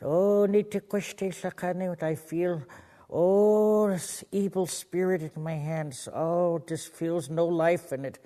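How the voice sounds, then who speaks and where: A man voicing his old grandfather, a trembling healer exclaiming in high, shaky bursts mid-prayer. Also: steady tone, slow pace, mellow, in a large hall. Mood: awed, exclaiming. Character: old male healer praying, shaky and awed.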